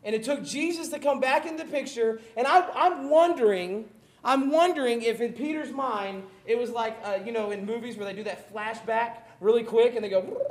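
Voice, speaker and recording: A pastor preaches in a very high, light voice, animated and jokey, acting out Bible scenes as he goes. His voice carries an echo from the room around him. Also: fairly quick. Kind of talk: sermon.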